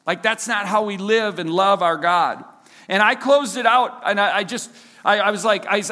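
High bright-voiced Minnesotan man preaching. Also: long reverb tail. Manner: casual, chatty, filler-heavy, self-deprecating. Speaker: pastor. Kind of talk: sermon. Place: church service hall.

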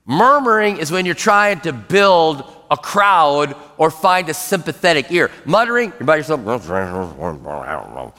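A man's voice: lively intonation, normal speed, few pauses, pushed and bright. Preaching man in an echoing hall. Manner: emphatic, acts out quoted mutterings in a low grumble. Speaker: pastor. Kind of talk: sermon. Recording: long reverb in a large hall.

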